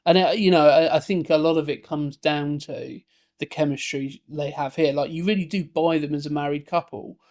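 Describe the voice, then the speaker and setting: A man's voice: a little high, fairly even intonation, normal speed, darkish tone. A man co-hosting a podcast, talking casually about films with lots of fillers and restarts. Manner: rambling, many fillers and restarts. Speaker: podcast co-host. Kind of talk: casual film discussion.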